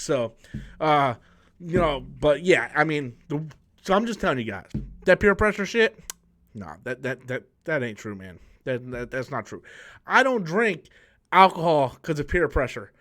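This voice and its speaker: A man's voice: high-pitched, fairly bright tone. A man hosting a casual live stream and telling rambling, profane stories full of restarts. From New York. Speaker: channel host.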